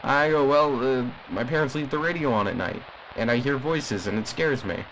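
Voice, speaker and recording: Man acting as an agitated radio caller, audio drama monologue, rambling, emphatic, mid-pitched voice. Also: moderate pace, a bit bright, slight background noise, lightly acted, rough recording. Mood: indignant. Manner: rambling, emphatic, with frequent restarts. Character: agitated male radio caller defending a cursed family.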